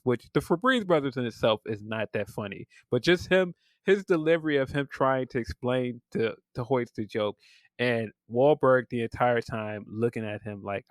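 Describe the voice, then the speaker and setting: A man's voice: mid-range voice, moderate pace, no echo. Guy cohosting a podcast, voice bounces all over, dry close mic. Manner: lively, laughing, acting out quotes. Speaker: podcast co-host. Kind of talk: casual podcast chat.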